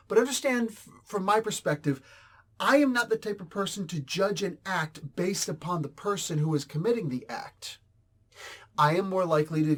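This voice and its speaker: A man reviews a comic book in a blunt, rambling, exasperated rant. His voice sits slightly high for a man. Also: breathy edge. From New Jersey, US. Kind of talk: casual ranting review.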